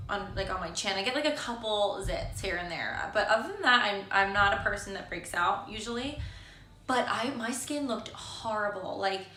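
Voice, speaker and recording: A woman's voice: medium pitch, pushed and bright, slight background noise. Chatty American woman vlogging at home. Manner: chatty, lots of "like" and restarts. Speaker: vlogger, stay-at-home mom. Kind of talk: casual chat to camera. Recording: echoey room.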